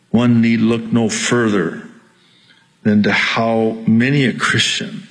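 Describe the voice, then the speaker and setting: A male pastor delivering a sermon at an unhurried pace. He hammers repeated warnings with rising intensity, then eases off with light asides to the listeners. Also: mid-range voice, rough recording. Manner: slow, emphatic preaching that rises to near-yelling at peaks; jokes with the congregation.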